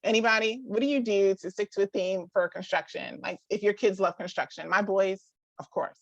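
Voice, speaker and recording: Her mid-range voice comes through with no room sound and the highs cut off. In her thirties, she speaks casually to a live group about parenting, saying "like" a lot, restarting sentences, laughing often and impersonating others.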